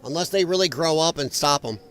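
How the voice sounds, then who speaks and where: A man's voice: a little high, brisk, heavy background noise. A man hosting a live stream, commenting on protest footage in a blunt, mocking and profane way, rambling with frequent restarts. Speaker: livestream commentator.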